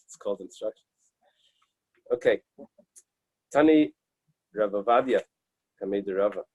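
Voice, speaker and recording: A man leading a Talmud study class, reading Aramaic passages and explaining them in English with halting restarts. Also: on the low side, darkish tone, no room sound, poor audio.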